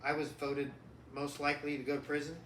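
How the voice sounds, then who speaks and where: A man's voice: on the high side, little pitch movement, a little fast, fairly bright tone. A middle-aged father co-hosting a podcast in casual chat, joking, laughing often and swearing freely. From New York. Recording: echoey room, faint noise.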